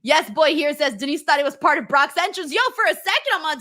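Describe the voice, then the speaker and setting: A woman's voice: sits high, fast talker, bright, forceful tone. A woman hosting a live stream, reading viewers' comments aloud in casual chat, laughing often and swearing freely.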